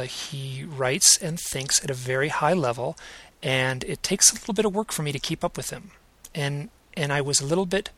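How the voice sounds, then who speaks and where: A middle-aged man hosting a podcast, introducing an episode in a measured, cautious way with many hesitations and restarts. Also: medium pitch, creaky, pushed and bright, no echo. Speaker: podcast host. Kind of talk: reflective spoken introduction.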